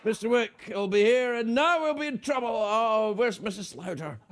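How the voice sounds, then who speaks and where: Whiny fretful puppet voiced by a man, scottish accent, high and swooping. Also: animated, normal speed. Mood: fretting.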